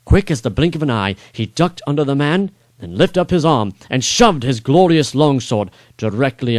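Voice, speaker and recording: A man reading his own first-person adventure story aloud in a dramatic, expressive way. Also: medium pitch, normal speed, hardly any pauses, no echo. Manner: expressive, rising on action beats.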